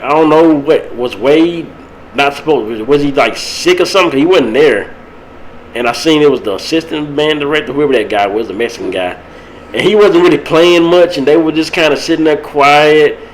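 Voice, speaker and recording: A young man, hosting a podcast and rambling about a local high school football game. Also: a little hiss or hum, poor audio. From Texas. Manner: rambling, animated, laughs at his own stories. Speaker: podcast host. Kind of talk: casual sports talk.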